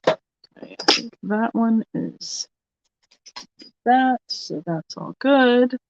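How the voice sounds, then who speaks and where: This woman runs a live vintage auction online, chatting informally and musing aloud while presenting pieces and accepting bids. Her voice is on the high side and extremely slow, and the slightly dull, lo-fi audio has slight background noise.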